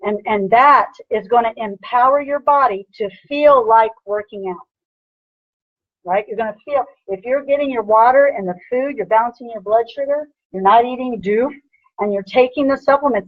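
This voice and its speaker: A woman personal trainer giving an energetic motivational lecture, punchy and repetitive, with a husky voice. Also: on the high side, moderate pace, dry recording, dull audio. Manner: energetic, punchy, repeats "bam" and "right?".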